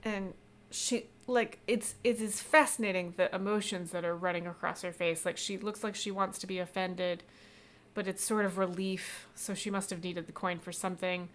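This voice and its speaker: A woman narrating as game master, relaxed and chatty with lots of fillers. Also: lowish voice, normal speed.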